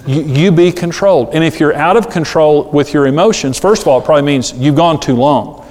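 A man's voice: fairly high pitch, a little fast, a little mellow. A man preaching a sermon, telling stories and acting out the people in them. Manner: storytelling, acting out quoted people. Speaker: pastor. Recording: long reverb of a large hall.

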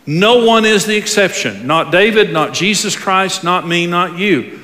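Animated male preacher in a reverberant hall. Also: sits high, measured pace. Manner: animated storytelling, acts out quoted voices. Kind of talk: sermon. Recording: long reverb of a large hall.

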